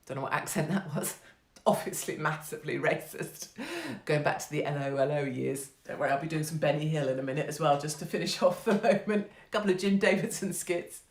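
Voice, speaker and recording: Brash, sarcastic English woman in a roomy space. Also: deep voice. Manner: brash, sarcastic and profane, laughing at her own jokes. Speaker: host of her own online show. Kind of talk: casual monologue on a live stream. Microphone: phone microphone. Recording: roomy echo.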